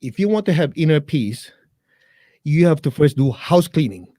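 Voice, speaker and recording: Appearing as a guest in a live interview, a man teaches meditation in plain, blunt language with jokes, speaking straight to listeners before leading them in a chant. His voice is on the high side, very animated and dark in tone, at normal speed, recorded dry with clean studio sound.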